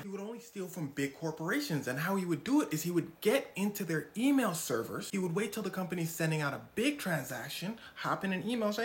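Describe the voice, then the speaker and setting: A woman's voice: low voice, expressive, quick pace. A woman telling a comedic true-crime story in a playful, slangy way, jumping into voices.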